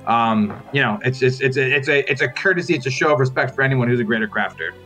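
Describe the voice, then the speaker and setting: A man's voice: medium pitch, fast talker, bright, forceful tone, faint music behind. A man playing in a tabletop role-playing game, rambling and searching for words as he explains a custom. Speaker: player. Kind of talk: tabletop role-play chat.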